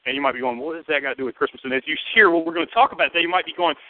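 A man with a Southern US accent preaching a sermon to his church, lively and joking in a conversational way. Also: a little high, very fast, no echo. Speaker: pastor. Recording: tinny, phone-like and dry.

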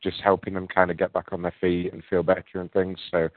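British man, very deep voice, condescending, interrupts, dry phone-line sound. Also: monotone, fast talker, no echo. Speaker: guest claiming to be a doctor. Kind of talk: panel talk show debate.

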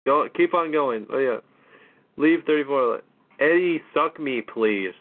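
A man's voice: medium pitch, measured pace. A man hosting a casual call-in show, exasperated and mocking, swearing often. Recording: tinny phone-line audio.

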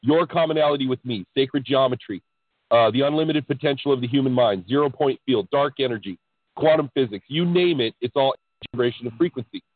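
A man as a podcast guest, recounting his spiritual awakening in an excitable, animated way. He tumbles over his words and restarts his sentences. His voice sits in a middling range and comes through a narrow, tinny line with no room sound. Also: medium pitch, a little fast, dry recording. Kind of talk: casual storytelling about spiritual experiences.

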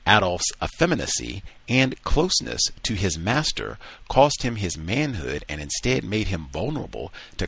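A man hosting a call-in talk show, reading a passage aloud and then chatting in relaxed asides. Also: fairly low pitch, creaky, slightly rough. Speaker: radio talk show host.

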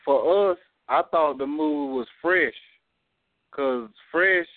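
A man calling in to chat, halting and stumbling over his words. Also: fairly high pitch, dry recording. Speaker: caller. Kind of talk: casual phone-in chat. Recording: dry, tinny phone line.

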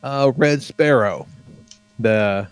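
A man's voice: mid-range voice, extremely slow, clear, resonant tone, dry recording. A man chatting casually on a podcast, swearing freely and rambling with lots of fillers as he tells stories. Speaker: podcast co-host.

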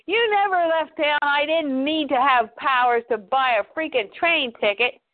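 Woman voicing a hot-headed young hero man, pleading and shouty. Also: sits high, moderate pace, pitched above the performer's own voice, close to an everyday voice. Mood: angry. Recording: tinny phone-like line.

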